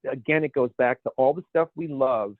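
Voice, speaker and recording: A man's voice: medium pitch, a little fast, dry recording. A man co-hosting a podcast in casual chat, rambling and searching for words as he goes. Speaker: podcast co-host. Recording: dry, phone-like narrow sound.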